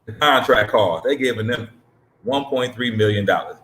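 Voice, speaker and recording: A man's voice: lowish voice, normal speed, a bit bright, reverberant, a little hiss or hum. A man hosting and commenting on a clip in a blunt, emphatic, profane way. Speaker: host reacting to a clip. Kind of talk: casual commentary.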